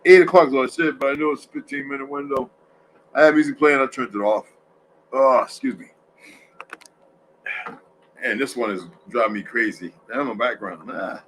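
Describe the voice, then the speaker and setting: Yawning and drowsy, this livestream host speaks briskly in a mid-range, fairly bright voice, leaving long pauses as he rambles, restarts and turns to chat from his home. There's slight background noise, and the recording is rough.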